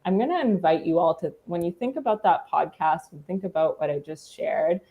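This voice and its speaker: A woman co-hosting a live online talk, speaking in a gentle, inviting and reflective way. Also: on the low side, a little fast, phone-quality sound. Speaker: live show co-host.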